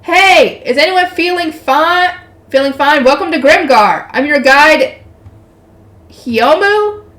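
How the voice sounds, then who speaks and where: A woman's voice: high-pitched, animated, takes it slowly, fairly bright tone, pitched above the performer's own voice, heavily acted. A woman voicing a perky young female guide with an odd, cutesy, sing-song way of talking. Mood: chirpy. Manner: chirpy, sing-song, teasing. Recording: roomy echo.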